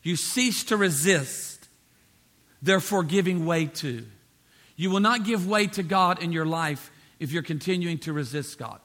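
A man's voice: a little high, lively intonation, unhurried, a bit bright. A man preaching a sermon, driving points home with emphatic repetition and acting out the voices of the people he quotes. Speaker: pastor.

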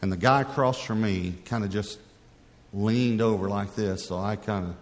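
Middle-aged male pastor, low voice, rambling storyteller, big echoing hall. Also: moderate pace, background noise. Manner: conversational, rambling, with frequent restarts. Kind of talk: storytelling sermon. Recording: long reverb of a large hall.

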